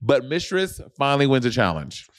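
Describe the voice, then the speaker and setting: A man's voice: mid-range voice, big pitch swings, fairly quick. A man co-hosting a casual review podcast over a video call, sassy and opinionated. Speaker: podcast co-host.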